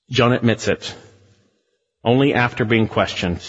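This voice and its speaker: A man preaching a sermon as a pastor, emphatic, with rhetorical questions and shifts between loud and hushed delivery. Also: mid-range voice, lively intonation, normal speed, husky. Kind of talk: expository sermon. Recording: muffled, reverberant sanctuary recording.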